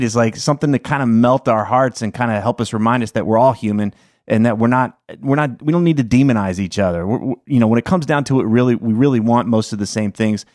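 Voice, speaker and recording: A man's voice: mid-range voice, fast, a little mellow, no echo, clean studio sound. A man hosting a podcast, asking questions and chatting in an enthusiastic, affirming and rambling way. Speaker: podcast host. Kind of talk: casual interview conversation.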